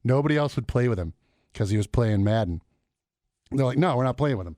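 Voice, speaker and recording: A male morning-show host on a studio mic, talking in an animated, storytelling way. He laughs often and slips into quick impressions. His mid-pitched voice sounds close and dry, with no room echo. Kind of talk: casual radio banter.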